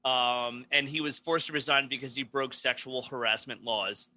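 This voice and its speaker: A man's voice: mid-range voice, steady tone, normal speed, sharp tone. A man from New York, a comedian, chatting casually on a podcast and laughing often while riffing. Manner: laughs often, does impressions.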